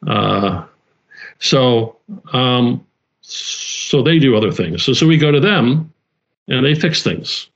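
This mid-pitched, gravelly man, pastor of a small church, talks slowly and earnestly in a laid-back conversation. Restarts and repeated phrases are common, on a slightly dull, lo-fi recording.

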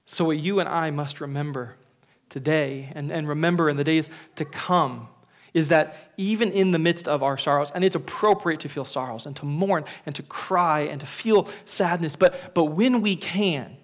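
A man's voice: fairly high pitch, normal speed. A man giving a funeral sermon as pastor, earnest and searching, often restarting his words and sometimes dropping to a whisper.

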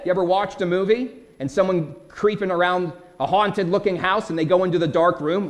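A man preaching a sermon as pastor, animated, with dramatic quoted outbursts. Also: high voice, brisk.

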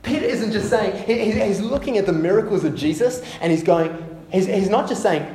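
Guy preaching, kinda high voice, repeats words a lot, echoey room. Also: expressive, moderate pace, slight background noise. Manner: repeats words, drops to soft hushed tones for quoted lines. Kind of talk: sermon. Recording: echoey room with faint ambience.

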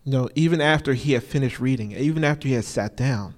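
A fast-talking man with a mid-range voice delivers a conversational sermon. He hammers home key phrases through repetition and says "you know" often, and a large hall's long reverb trails his words.

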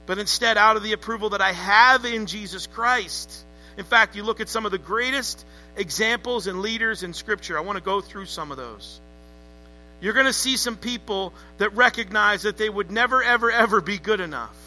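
Man, pastor, sermon, emphatic, calls for responses, very bright, tense. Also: sits high, moderate pace, faint music behind, poor audio.

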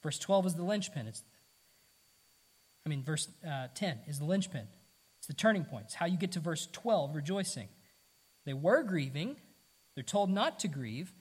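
A man's voice: fairly high pitch, big pitch swings, normal speed, pauses often, slightly rough. A man preaching a conversational sermon to his congregation, earnest, asking rhetorical questions and repeating himself. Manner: repeats words, casual asides. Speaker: pastor.

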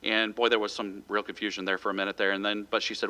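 A man's voice: on the low side, lively intonation, fast, few pauses, pushed and bright. A man giving a sermon as pastor, telling a story in a conversational way and chuckling lightly now and then.

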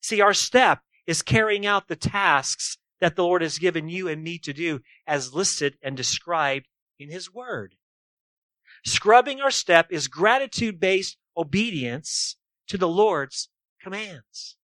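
A man's voice: sits high, lively intonation, a little slow, fairly bright tone, no echo. A man preaching a sermon emphatically, often posing rhetorical questions to his listeners.

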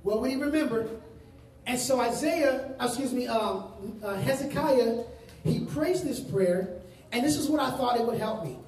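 A male pastor preaching a sermon to a congregation, stressing words and stretching out key phrases slowly. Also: extremely high pitch, lively intonation, a little mellow. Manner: emphatic preaching with slow drawn-out phrases. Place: large room with congregation. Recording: very echoey room, distant mic.

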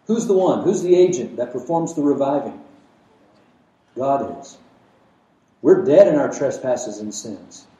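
A man preaching a sermon, emphatic, with rhetorical questions and swings between loud and quiet. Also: medium pitch, expressive, measured pace, pauses often, lo-fi sound. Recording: echoey room, mic at a distance.

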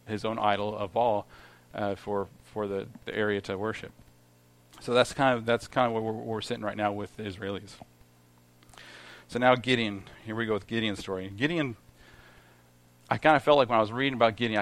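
Halting middle-aged man teaching scripture. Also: fairly low pitch, a bit bright. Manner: halting, many restarts and fillers; reads scripture aloud then comments conversationally. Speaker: lay preacher at a Bible study. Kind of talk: informal Bible teaching.

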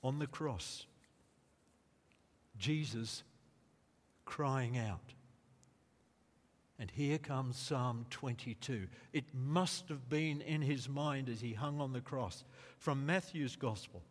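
Slow-speaking preacher man in a reverberant hall. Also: mid-range voice. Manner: slow, deliberate, rising to emphatic quotes. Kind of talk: sermon. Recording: long reverb of a large hall.

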